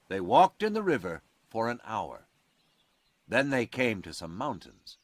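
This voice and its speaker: A man narrates a storybook slowly and clearly, his pitch rising and falling with great liveliness. His reading is expressive and unhurried. The recording is dry and close, with no room sound. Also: no echo. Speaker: audiobook reader.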